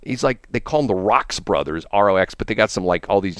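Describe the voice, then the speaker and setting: A man's voice: sits low, lively intonation, fairly quick, no room sound. A man in casual radio chat, telling rambling, enthusiastic stories with many restarts. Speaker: radio host.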